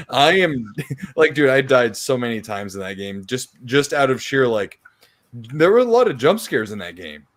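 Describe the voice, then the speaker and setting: A relaxed man on a podcast, rambling through a recollection with plenty of ums and the odd curse. His voice sits at an ordinary middle pitch. The sound is close and dry. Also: unhurried, no echo. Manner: relaxed, filler-heavy, laughs and swears while recounting. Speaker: podcast co-host. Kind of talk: casual chat.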